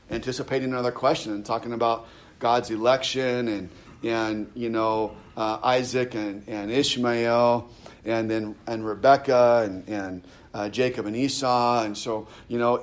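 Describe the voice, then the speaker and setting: A man's voice: medium pitch, moderate pace. A male pastor preaching a sermon in a conversational way, with frequent restarts, who reads scripture aloud with rising emphasis. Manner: conversational preaching, many restarts and stammered repeats.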